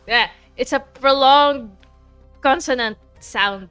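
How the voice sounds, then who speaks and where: A woman's voice: high-pitched, expressive, slow pace, sharp tone, faint music behind. A woman from the Philippines with a Filipino accent, chatting casually while streaming a game, laughing often and swearing freely. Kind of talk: casual chat while playing.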